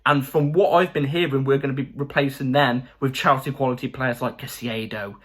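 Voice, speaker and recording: Man, casual vlog host, excitable, filler-heavy, mid pitch. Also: a little fast. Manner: excitable, chatty, lots of fillers. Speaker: football channel host.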